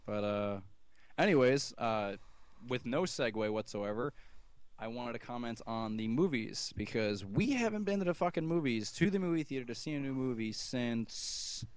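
A man's voice: mid-range voice, lively intonation, moderate pace, smooth, no echo. Rambling, swearing man in casual chat. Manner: rambling, swears often, many restarts. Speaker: podcast co-host.

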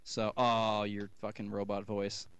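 A man's voice: fairly low pitch, monotone, a little slow, noisy background. A man co-hosting a podcast in casual chat, rambling and swearing, with many restarts. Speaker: podcast co-host.

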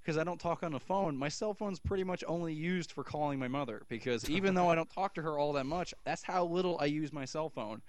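A man's voice: on the high side, brisk, hardly any pauses, dry recording. Rambling, swearing man in casual chat. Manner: rambling, swears often, many restarts. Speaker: podcast co-host.

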